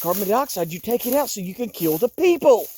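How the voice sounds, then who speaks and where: This fifties-aged vlogger gives a walking-tour rant in his wooded yard, sounding agitated and exasperated as he circles back over the same points. His voice is high-pitched and sing-song with a darkish tone, the pace brisk, and there's slight background noise.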